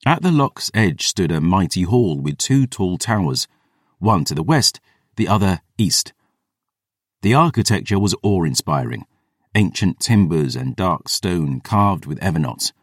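Deep-voiced man narrating a fantasy audiobook. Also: very animated, husky, dry recording, clean studio sound. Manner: measured, descriptive, first-person.

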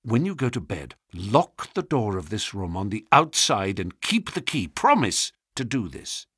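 Sherlock Holmes, crisp and commanding as a man reads him. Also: fairly low pitch, big pitch swings, a little slow, a bit bright, no room sound, full character voice. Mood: intent.

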